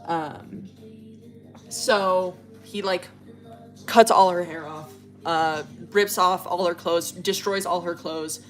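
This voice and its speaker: A woman's voice: lowish voice, steady tone, slow pace. A young woman livestreaming, casually telling a rambling story with lots of fillers and swearing. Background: faint music playing.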